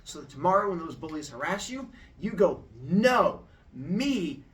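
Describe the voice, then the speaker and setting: A man voicing a patient mother gently explaining things to her young son. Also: high voice, very animated, measured pace, recorded from a distance, voice pushed up. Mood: coaxing.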